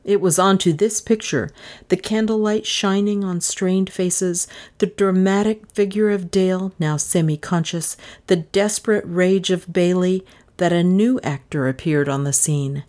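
A woman reading a novel aloud in measured, dramatic narration. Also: on the low side, steady tone, a little mellow. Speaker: audiobook narrator. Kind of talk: scripted narration.

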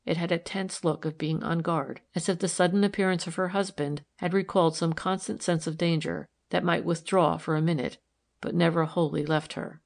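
A woman narrating a novel in an even, measured reading style. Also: on the low side, vocal fry. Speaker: audiobook narrator. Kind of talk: scripted narration.

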